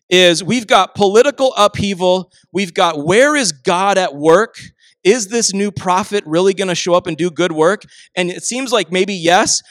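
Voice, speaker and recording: A man preaching in a relaxed, storytelling manner, slipping into quoted voices as he goes. His voice sits a little high for a man. The sound is close and dry, with no room around it. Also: no echo. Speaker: pastor. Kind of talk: sermon.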